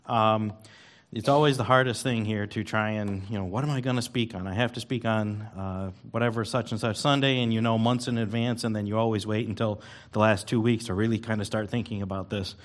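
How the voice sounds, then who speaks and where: A man's voice: lowish voice, steady tone, fairly quick. A man giving a casual, rambling sermon in a church, self-deprecating and full of ums and uhs. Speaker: lay preacher at church service. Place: church sanctuary.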